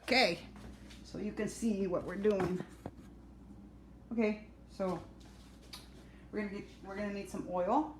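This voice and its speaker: A woman's voice: mid-range voice, steady tone, measured pace, long pauses. A middle-aged woman hosting a casual live cooking class from her home kitchen, chatting with viewers by name and teasing herself. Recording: echoey room, mic at a distance, noisy.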